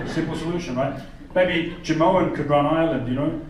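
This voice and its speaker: Brash stand-up comic, echoey theater. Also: male voice, a little high, a little fast, far from the mic, noisy background. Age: 40s. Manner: brash, swearing, talks to the crowd. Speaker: stand-up comedian. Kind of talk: stand-up comedy with crowd work. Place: large theater stage. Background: audience laughter.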